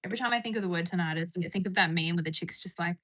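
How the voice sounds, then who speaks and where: Bright-voiced Australian woman chatting. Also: on the low side, rapid-fire. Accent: Australian, Queensland. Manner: chatty, laughs often, talks to her pet bird. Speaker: livestreamer. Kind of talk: casual livestream chat reading comments.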